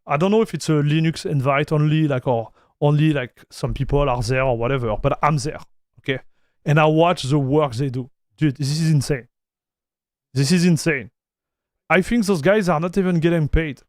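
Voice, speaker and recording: Man, high voice, animated livestream host, stammering repeats, dry close sound. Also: no room sound. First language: French. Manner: animated, stammering repeats, calls chat bro and dude. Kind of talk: casual livestream chat.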